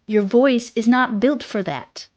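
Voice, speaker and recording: Soft-voiced young woman streamer. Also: a little high, slow pace, dull audio. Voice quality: soft, childlike voice. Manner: reads chat aloud, swears casually, sings snatches. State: a little sick. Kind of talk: casual chat with live chat.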